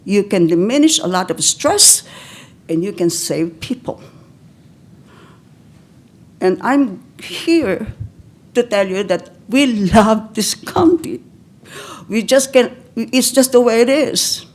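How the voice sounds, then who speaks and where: At a county board meeting, an older woman from the Philippines gives tearful public comment, her pleas halting and full of abandoned starts. Her pitch is fairly high, her delivery expressive, and her tone somewhat dark.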